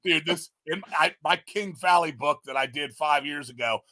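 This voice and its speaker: A man in casual podcast chat, loud and swearing, mocking things he hates and breaking into shouted parodies. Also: a little high, normal speed, dry recording, studio quality. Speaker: podcast guest.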